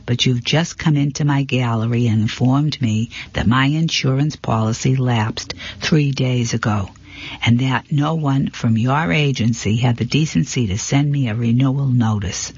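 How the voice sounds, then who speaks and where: A man's voice: medium pitch, normal speed, slightly rough, no room sound, lo-fi sound. A man voicing a proud, distraught middle-aged gallery owner who speaks indignantly in a storybook reading. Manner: indignant and wailing, then weary.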